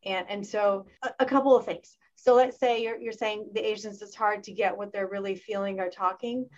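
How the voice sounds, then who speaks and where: A woman in a casual panel discussion, talking in an animated way and acting out the voices of people she quotes. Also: mid-range voice, normal speed, lo-fi sound. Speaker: panel guest.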